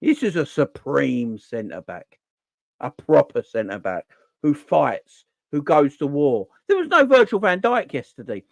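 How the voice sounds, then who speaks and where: A man hosting a casual football live stream, animated and slangy, answering the chat as he goes. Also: a little high, a little slow, vocal fry, no room sound. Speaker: football channel host.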